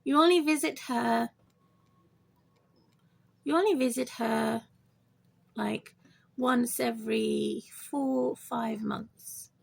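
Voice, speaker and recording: A pet owner vlogger speaks slowly to camera about her bird, her husky voice marked by vocal fry and long pauses. She rambles and repeats herself, turning now and then to talk straight to the bird in a high sing-song.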